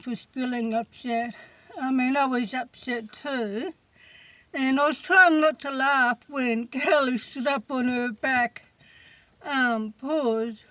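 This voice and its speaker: A woman with a high, slightly bright voice tells a rambling, chatty story for a storytime vlog, recorded dry. She keeps filling gaps with "I mean" and "you see what I mean."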